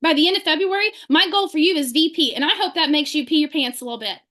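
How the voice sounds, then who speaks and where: A woman leading her sales team on a video call, giving a fervent motivational talk full of rapid rhetorical questions. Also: high voice, pushed and bright.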